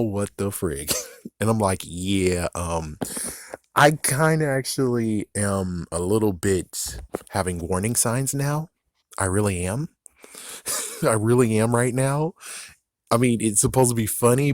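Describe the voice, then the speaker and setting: A man's voice: on the low side, no room sound, studio quality. A man giving a casual spoken review of a TV episode, rambling through "it's like" asides and chuckling often.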